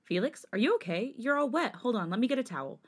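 A woman reads as a gentle young man in a fanfic read-aloud. He speaks softly and tenderly to the one he likes. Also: on the high side, very animated, fast, breathy edge, voice pushed up. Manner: soft, tender.

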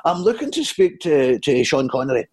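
A Scottish man doing an impression of a brash, foul-mouthed comedian, with loud, rowdy banter. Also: on the high side, sing-song, moderate pace. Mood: cheeky.

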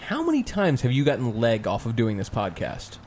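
A man's voice: mid-range voice, huge pitch swings, a little fast, a little mellow, a little hiss or hum. A man co-hosting a podcast, joking around while he steers the conversation. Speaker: podcast co-host. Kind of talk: casual chat. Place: room with a window open near a porch.

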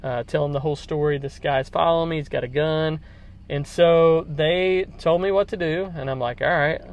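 A podcast host talks through a personal story in a loose, unscripted way. His voice sits a touch high for a man, and he wanders, repeats himself and leans on fillers as he goes. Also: moderate pace. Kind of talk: casual storytelling.

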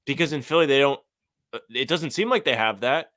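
A man's voice: medium pitch, fairly quick, fairly bright tone. A man co-hosting a sports podcast, chatting casually in a blunt, sarcastic, profane way. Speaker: podcast co-host.

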